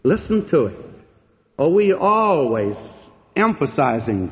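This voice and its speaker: A man preaches with sweeping emphasis, booming one moment and dropping low the next. His voice sits fairly high for a man. It comes through a thin, phone-like recording with a long reverb trailing off the walls of a big hall. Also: animated, unhurried. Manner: emphatic, sweeping swings between loud and hushed. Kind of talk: sermon. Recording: tinny narrow-band sound with long hall reverb.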